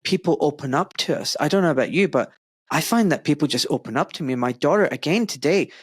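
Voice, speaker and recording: A middle-aged Glaswegian man with a Scottish accent speaks fast in a fairly high, animated, slightly rough voice, recorded dry. Hosting a podcast, he leads a warm conversational interview, earnest and effusive, rambling with fillers.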